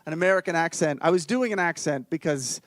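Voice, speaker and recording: Man co-hosting live comedy show, high lively voice, sheepish self-mocking, dry close sound. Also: quick pace, no echo. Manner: sheepish, self-deprecating storytelling. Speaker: comedy podcast co-host. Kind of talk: live comedy podcast banter. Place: live theater stage with audience.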